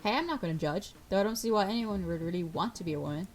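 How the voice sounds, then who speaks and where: A woman's voice: on the low side, expressive, fast, hardly any pauses, a little mellow, faint music behind. A woman reading a visual novel aloud and voicing every part, breaking off for casual asides. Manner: reads all the parts, breaking off for casual asides. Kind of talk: reading game dialogue aloud with commentary.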